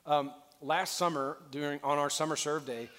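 A male pastor delivers an earnest storytelling sermon in a slightly raised voice that carries a long reverb through a large church auditorium. He builds from quiet narration to fervent exhortation. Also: a little high, fairly even intonation, moderate pace.

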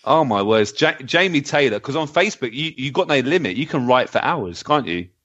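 A man's voice: medium pitch, expressive, fairly quick, fairly bright tone. A man hosts a casual podcast with a mid-range voice. He jokes, laughs often and reads out listener comments. The audio is dull and lo-fi. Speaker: podcast host.

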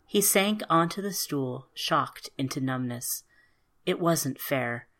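A woman calmly narrating a fairy tale in an even storybook manner. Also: low-pitched, takes it slowly.

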